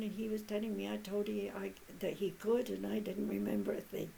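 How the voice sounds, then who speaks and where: Earnest elderly woman medium, measured pace. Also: mid-range voice, little pitch movement, vocal fry, warm tone, slight background noise, rough recording. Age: 80s. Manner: measured and earnest, with long pauses. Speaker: spiritual medium. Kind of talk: channeled spiritual talk.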